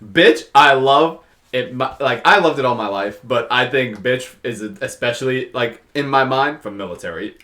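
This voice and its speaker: A man's voice: mid-range voice, normal speed, sharp tone. A young man with a New York accent, co-hosting a podcast, telling crude stories and laughing often. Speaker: podcast co-host. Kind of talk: casual chat.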